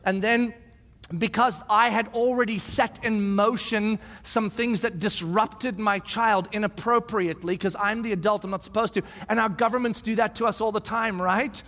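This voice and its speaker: High-voiced man preaching in an echoing hall. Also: normal speed. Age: 40s. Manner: animated storytelling, acts out shouted quotes. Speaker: pastor. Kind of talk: sermon. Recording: long hall reverb.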